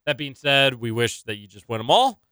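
A man's voice: mid-range voice, normal speed, clean tone, no echo, studio quality. Opinionated man. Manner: opinionated, animated rants. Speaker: sports talk show host. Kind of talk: casual sports radio chat.

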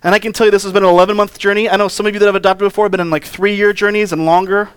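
A man's voice: high-pitched, level tone, racing, clean tone. A man in his thirties, a pastor, preaching a sermon in an earnest, conversational way with personal stories.

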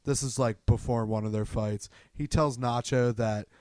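A man recaps a film for friends in loose casual chat. He rambles through it with fillers and swearing and laughs at his own story. His voice sits at a middle pitch and is recorded dry and close. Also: fairly even intonation, normal speed, darkish tone, smooth, dry recording. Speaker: friend retelling a movie.

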